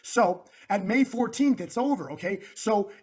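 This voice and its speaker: A man with a somewhat high voice speaks as an interview guest. He explains slides point by point, stressing words and circling back to the same phrases in an emphatic, preacher-like way. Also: lively intonation, a little slow, husky. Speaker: guest analyst. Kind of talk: interview walking through slides.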